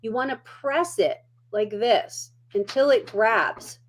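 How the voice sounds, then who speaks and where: A woman's voice: on the high side, lively intonation, slow pace. A middle-aged woman hosting a casual makeup tutorial at home, chatty and down-to-earth as she demonstrates.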